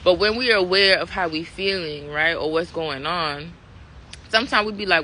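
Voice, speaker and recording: A woman vlogger with a fairly low, sharp-toned voice muses aloud at a moderate pace in a casual, reflective monologue. She talks conversationally, packing in fillers and "right?" check-ins, and the recording is rough with background noise.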